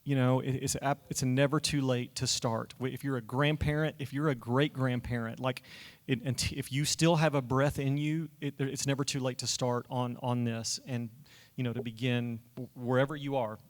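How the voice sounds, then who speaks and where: A man co-hosting a casual church-stage conversation, talking in a halting, self-correcting, friendly way. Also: mid-range voice, fairly even intonation. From United States. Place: church hall. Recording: echoey hall reverb.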